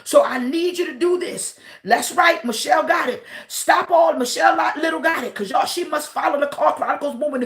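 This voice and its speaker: A woman pastor, preaching a livestreamed sermon, often shouting and punctuating her lines with "uh" and "huh". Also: high voice. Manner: shouting, preaching with rising intensity and "uh" and "huh" fillers.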